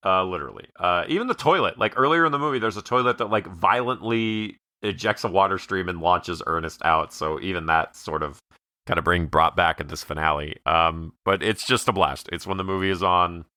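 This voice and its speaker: A man's voice: low-pitched, a little fast, bright, forceful tone, no echo, clean studio sound. A man co-hosting a podcast, chatting easily about a comedy film and agreeing with his partner. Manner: easygoing, agreeing, short replies. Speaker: podcast co-host. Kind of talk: casual movie discussion.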